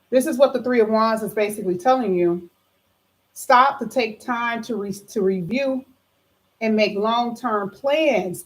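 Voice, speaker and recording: A woman giving a tarot card reading to her viewers, chatty and animated, her voice a little hoarse. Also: medium pitch, poor audio. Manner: animated, excited exclamations, chatty asides to viewers. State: slightly hoarse. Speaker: tarot reader.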